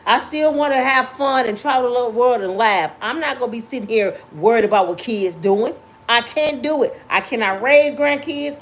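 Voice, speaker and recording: A woman's voice: on the high side, animated, normal speed. Passionate, preachy woman in her fifties. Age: 50s. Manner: passionate, preachy, sometimes yelling. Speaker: vlog host. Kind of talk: casual talk to viewers.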